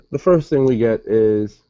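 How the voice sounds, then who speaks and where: A man's voice: mid-range voice, warm tone, smooth, no room sound. A man giving a casual, rambling spoken review, often wandering off topic and correcting himself. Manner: rambling, digressive, self-correcting. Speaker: wrestling show reviewer. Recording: dull lo-fi dry recording.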